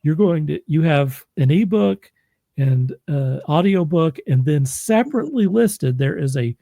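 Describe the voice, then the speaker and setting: A man's voice: a little high, animated, unhurried, vocal fry, dark tone, no room sound. A man from Oklahoma, a podcast host and audiobook narrator, chatting casually and laughing easily. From Oklahoma, USA. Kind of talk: casual interview chat.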